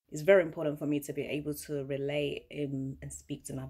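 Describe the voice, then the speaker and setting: A woman's voice: low voice, fairly even intonation, fairly quick, dark tone, husky. A young woman from Uganda with a British South London accent, chatting playfully in a casual vlog and laughing often. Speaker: vlogger.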